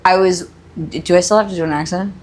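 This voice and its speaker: Low-voiced rambling young woman. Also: fairly even intonation, fast. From Australia. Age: 20s. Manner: rambling, self-correcting, jokey. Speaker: guest. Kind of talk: casual chat.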